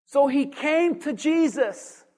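A pastor preaching a sermon with dynamic swings between loud emphasis and quiet asides, full of rhetorical questions and call-and-response. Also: high-pitched, animated, slow pace.

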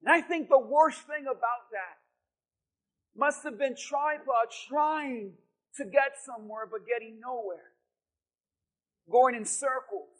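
A man from Hialeah, Florida, preaching in church and telling an animated story. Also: very high voice, rough recording. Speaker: pastor. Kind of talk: sermon storytelling.

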